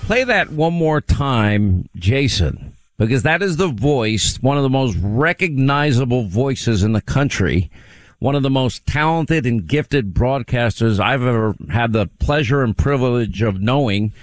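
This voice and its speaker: A man's voice: medium pitch, animated, unhurried, no room sound. A male radio host in casual chat, teasing and laughing often.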